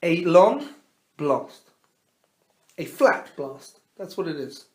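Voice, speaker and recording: A man, a rabbi, teaching a Torah class as an animated storyteller who quizzes his listeners and mixes Hebrew terms into his teaching. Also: a little high, takes it slowly. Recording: roomy echo.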